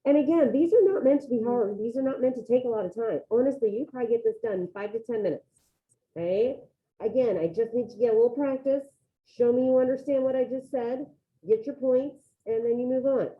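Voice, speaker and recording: A woman teaching a Spanish class over a video call, giving brisk step-by-step instructions and coaxing students to get the work done. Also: on the high side. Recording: tinny phone-like video call audio.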